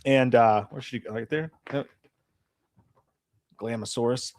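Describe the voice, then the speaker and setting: A man's voice: mid-range voice, measured pace, a little mellow, no echo. Rambling jokey man in his forties, dry sound. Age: 40s. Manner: rambling and jokey, with crude humor. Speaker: live stream host. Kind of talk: casual livestream chat.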